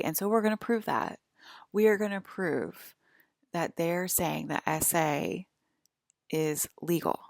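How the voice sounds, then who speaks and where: A woman with a low, gravelly voice rambles on at her viewers. She gets agitated, swears freely and keeps stopping to restart her thoughts. The sound is dry and close. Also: no echo. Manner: rambling, agitated and profane, many fillers and restarts. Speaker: vlogger.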